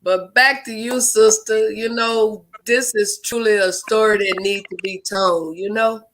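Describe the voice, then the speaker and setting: A man's voice: high-pitched, steady tone, measured pace, fairly bright tone, slight background noise. A man co-hosting a talk show, chatting loosely with rambling, slangy phrasing. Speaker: co-host. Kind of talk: casual talk show chat.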